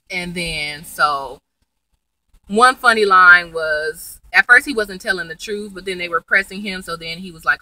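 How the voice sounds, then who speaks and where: Chatty woman with a very bright voice. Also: on the low side, normal speed, no echo, low-quality recording. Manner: chatty storytelling, acting out characters' lines with "like". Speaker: TV show reviewer. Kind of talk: casual episode recap.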